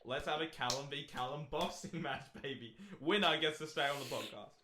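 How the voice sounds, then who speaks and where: A man's voice: a little high, fairly quick, roomy sound, a crowd in the background. A man co-hosting a casual chat podcast, joking with his co-host and reading out a long listener letter with frequent laughs. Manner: laughs often, reads aloud at length.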